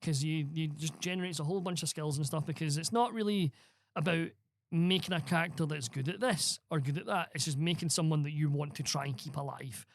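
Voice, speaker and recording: A man's voice: fairly high pitch, a little fast, no room sound, studio quality. A man co-hosting a podcast, explaining with eager enthusiasm and casual swearing. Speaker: podcast co-host. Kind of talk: casual chat.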